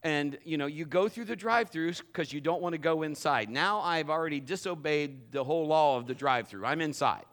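A middle-aged man preaching a sermon, telling a funny story and acting it out in a lively way. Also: a little high, brisk, hardly any pauses. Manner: animated, acts out the story. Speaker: pastor.

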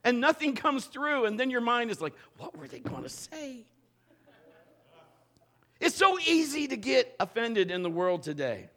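His voice is extremely high, at normal speed with few pauses: a middle-aged pastor animatedly joking through a sermon built on stories, performing the quotes he tells.

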